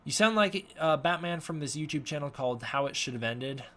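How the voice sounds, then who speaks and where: A man hosting a casual live-stream Q&A, giving offhand, halting answers to chat questions. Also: on the high side, expressive, sharp tone, a little hiss or hum. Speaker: host.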